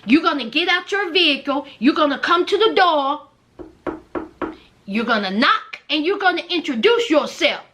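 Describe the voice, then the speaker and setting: A woman's voice: sits high, animated, normal speed, pushed and bright. A woman with a Southern US accent giving sassy, emphatic commentary on a reality show, speaking straight to her viewers. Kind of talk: casual commentary.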